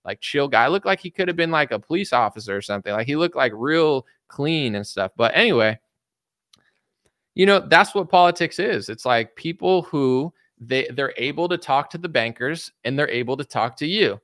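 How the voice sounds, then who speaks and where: A man's voice: medium pitch, expressive, normal speed, fairly bright tone, dry recording, studio quality. A young man talking casually in a rambling monologue as a podcast host, acting out little quoted voices as he goes.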